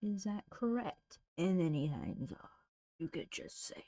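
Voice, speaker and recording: A woman's voice: fairly low pitch, expressive, a little slow, mellow, no echo. A woman making real estate cold calls on a livestream, chatting casually and bluntly to herself in slangy language.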